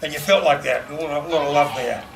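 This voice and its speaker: Gravelly New man giving a eulogy. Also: a little high. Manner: halting, laughing, fond storytelling. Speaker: eulogy speaker. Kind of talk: memorial speech with anecdotes. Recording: distant mic, noisy room.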